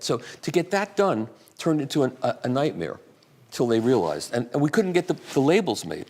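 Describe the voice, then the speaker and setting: An older man speaking live to an audience, answering questions with rambling, animated anecdotes. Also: medium pitch, moderate pace.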